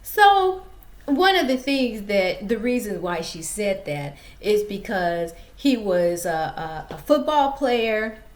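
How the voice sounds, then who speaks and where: Woman, author, casual story-time vlog, chatty, speaks to viewers, mid pitch. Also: expressive, takes it slowly, a little mellow, roomy sound. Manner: chatty, addresses viewers directly.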